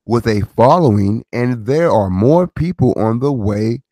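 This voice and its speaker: A man's voice: mid-range voice, lively intonation, a little slow, warm tone, no echo. A middle-aged man hosting his own commentary channel, talking in a preachy way with rhetorical questions and repeated phrases. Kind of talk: casual commentary monologue.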